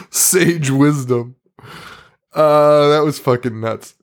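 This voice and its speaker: A man's voice: a little high, extremely slow. Young man recapping a movie, laughing. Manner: laughs often, swears, acts out movie lines. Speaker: podcast co-host. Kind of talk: casual chat, movie recap.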